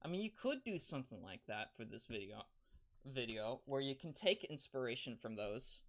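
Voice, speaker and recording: A streamer giving casual advice on a livestream, rambling and halting, with many restarts and fillers. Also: medium pitch, big pitch swings, a bit bright.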